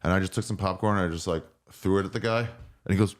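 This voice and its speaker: A man's voice: low voice, steady tone, racing. A man, a comedian guest on a podcast, telling a loose, jokey anecdote in casual chat and acting out the lines of the people in it. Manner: loose, jokey, acts out quotes.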